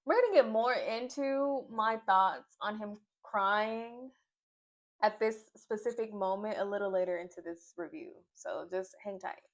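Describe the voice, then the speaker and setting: At a measured pace and in a mid-range voice, a young woman from Nashville, Tennessee gives her opinionated take on a reality show. She's chatty, wanders into asides, and leans on lots of fillers. Her recording is lo-fi and a bit dull.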